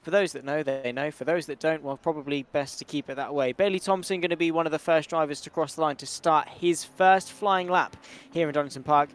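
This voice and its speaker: Brisk man calling a sim race. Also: a little high. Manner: brisk, chatty play-by-play with British slang. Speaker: sim racing commentator. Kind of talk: live race commentary.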